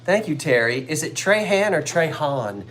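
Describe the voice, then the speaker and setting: A woman from South Jersey with a South Jersey accent, hosting a live online sale and telling stories in a casual, animated way. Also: low voice, moderate pace, slight background noise. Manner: chatty storyteller, animated, laughs easily.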